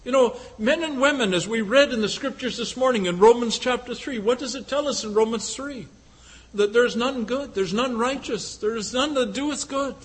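High-voiced male preacher telling a story. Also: normal speed, rough recording. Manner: storytelling with rhetorical questions and frequent hesitations. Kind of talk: sermon.

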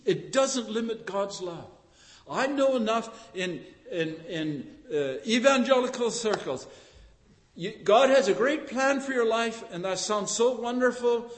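A man preaching a sermon with fervent emphasis that builds to loud, emphatic peaks. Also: high voice, in a large hall.

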